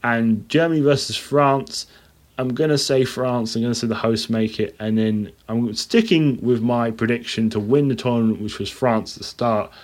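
A man's voice: mid-range voice, normal speed. A man hosting a solo podcast, running casually through lists of teams and picks. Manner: casual, listing teams in a steady rundown. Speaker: podcast host. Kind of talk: solo football podcast predictions.

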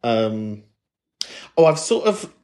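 Casual British host, common accent, animated delivery with lots of pitch swing, swears a lot. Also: slow. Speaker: podcast host. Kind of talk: casual chat.

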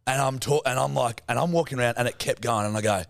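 A young adult man with an Australian accent, co-hosting a podcast and telling an animated, sweary story in casual chat. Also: medium pitch, fast, creaky, no echo, studio quality. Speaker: podcast co-host.

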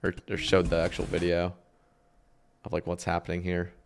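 A man's voice: low voice, monotone, moderate pace, gravelly, slight background noise. A man hosting a gaming podcast, chatting in a laid-back, slangy way. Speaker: podcast host. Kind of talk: casual gaming chat.

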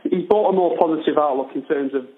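A man's voice: fairly high pitch, fast talker, a loud crowd. A man chatting as a guest fan on the phone, hesitant and full of restarts. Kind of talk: casual chat. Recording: tinny phone line.

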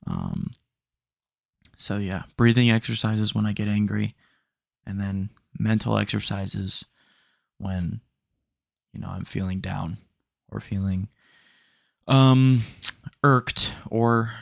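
A young man talks on his own podcast in a loose, rambling, stream-of-consciousness way, dropping "dude" into his stories. His voice sits low and has a gravelly fry to it. The sound is dry and close, with no room around it. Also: lively intonation, slow pace, pauses often, no echo. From Texas. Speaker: podcast host. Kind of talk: casual solo podcast monologue.

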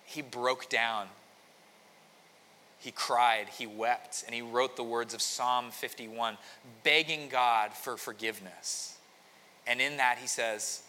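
A man's voice: medium pitch, steady tone, slow pace, bright, forceful tone. A man preaching a conversational sermon, telling a story with frequent restarts. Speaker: pastor. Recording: long hall reverb.

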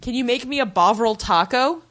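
A woman's voice: fairly high pitch, moderate pace. A woman co-hosting a podcast, recapping a TV episode in casual chat with wry jokes. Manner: wry, joking, lively asides.

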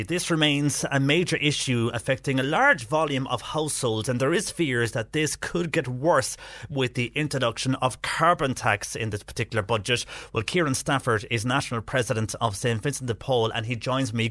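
Middle-aged Irish man, radio host, steady chatty delivery, close dry studio mic. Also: medium pitch, fairly quick, no room sound. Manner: steady, conversational, frequent "uh" fillers. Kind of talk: radio news and talk presenting. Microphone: studio microphone.

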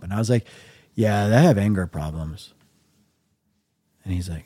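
A middle-aged man casually telling a long story on his own podcast, wry and laid-back, dropping to a low mumble when he quotes himself. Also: moderate pace, long pauses, dark tone, slightly rough, dry recording, clean studio sound. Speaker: podcast host.

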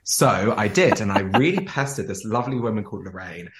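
A camp, animated man from Jersey tells stories as an interview guest, his voice sitting a little low. He laughs often as he talks, and the room around him rings with a noticeable echo. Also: fairly quick, crowd noise. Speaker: podcast guest. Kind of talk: casual storytelling interview.

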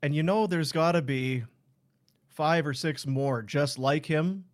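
Male sports podcast host, casual and profane, somewhat high voice. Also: unhurried. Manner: loose, profane, reads live ad spots. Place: podcast studio.

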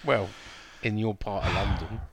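A man's voice: lowish voice, measured pace, slightly rough. A man hosting a casual football podcast, teasing his co-host and moving the segments along.

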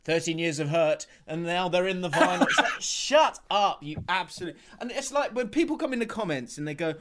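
A man, chatting on a football podcast. His pitch swings widely as he rants, swears and laughs between complaints. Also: lively intonation, brisk, hardly any pauses, fairly bright tone, a little hiss or hum. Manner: ranting, swears, laughs often. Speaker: podcast co-host. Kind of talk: casual football podcast chat.

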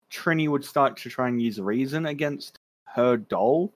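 A man trades sarcastic, deadpan jokes with his co-host and swears freely. His voice has a middle pitch. The recording is dry and close. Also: measured pace, no room sound. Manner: sarcastic, swearing, mock dramatic. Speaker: podcast co-host. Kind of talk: casual chat.

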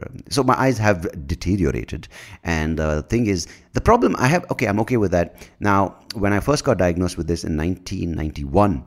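A man's voice: low-pitched, expressive, fairly quick. A man hosting his own podcast in a casual, rambling monologue, self-mocking, swearing freely and tripping over his words. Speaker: podcast host.

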